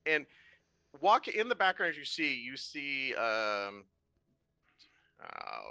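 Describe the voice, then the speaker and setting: Lively, bright-voiced male game master. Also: medium pitch, slow pace, vocal fry, pauses often, no echo. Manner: rambling, with many fillers and restarts. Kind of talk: improvised game narration.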